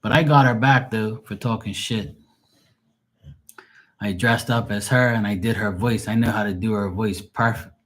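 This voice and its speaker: A man's voice: on the low side, steady tone, moderate pace, fairly bright tone. A man who reads tarot, chatting casually on a livestream and telling stories in a blunt, profane way. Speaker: tarot reader and medium.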